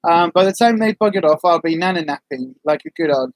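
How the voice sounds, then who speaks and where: On a livestream, a female vlogger with a lowish voice chats casually, reading viewer comments in a rambling, friendly manner full of ums. She sounds animated and brisk with few pauses, and the recording has no echo.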